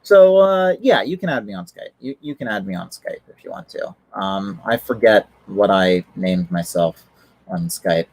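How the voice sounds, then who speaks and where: A man's voice: lowish voice, animated, normal speed, no room sound, rough recording. A man chatting casually on a livestream, rambling with lots of fillers and restarts. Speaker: streamer.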